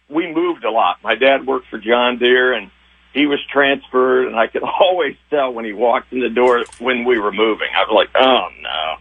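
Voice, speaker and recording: An older man, a retiring TV sports director, reminiscing with emotion in a rambling, halting way. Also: mid-range voice, gravelly, breathy edge. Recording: tinny phone line.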